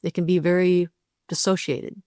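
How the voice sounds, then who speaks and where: Steady measured woman, dry close sound. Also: on the low side, no room sound. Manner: measured, steady, acts out quoted partners in brief voices. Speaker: relationship podcast host. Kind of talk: calm explanatory monologue.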